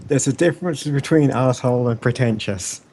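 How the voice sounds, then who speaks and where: A man's voice: medium pitch, brisk, dark tone. A man playing a tabletop role-play game, teasing and laughing often. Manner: giggly, teasing. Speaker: player.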